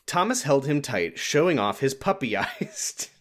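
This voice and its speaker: A woman's voice: deep voice, wildly swooping pitch, measured pace. A woman narrating a silly fan fiction aloud, laughing and breaking off to joke. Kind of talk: comedic fan fiction read-along.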